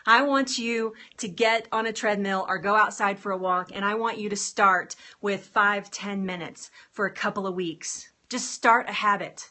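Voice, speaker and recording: A woman's voice: medium pitch, bright, forceful tone. A woman health coach chatting casually on a live stream, upbeat and talking straight to her viewers about getting started with exercise.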